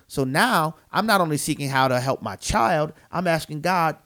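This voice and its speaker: Man, earnest, emphatic, preacherly, slightly high voice. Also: lively intonation, normal speed, hardly any pauses, fairly bright tone. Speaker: co-host. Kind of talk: Christian podcast conversation, preaching manner.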